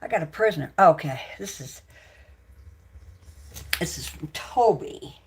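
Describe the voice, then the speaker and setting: A woman on a livestream, angrily ranting at her viewers, swearing and accusing, shouting out names, then muttering to herself between outbursts. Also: low voice, animated, measured pace, pauses often, breathy edge. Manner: profane, accusing, shouting and yelling. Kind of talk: angry livestream rant at viewers.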